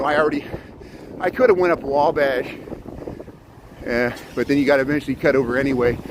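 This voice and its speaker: A man narrating a live stream as he bikes through city streets, chatting and thanking viewers with nervous asides. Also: fairly high pitch. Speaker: vlogger biking through the city. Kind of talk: live-streamed casual narration while riding. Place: outdoors on city streets, on a bike. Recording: wind and traffic noise on a street mic. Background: wind, traffic and city noise.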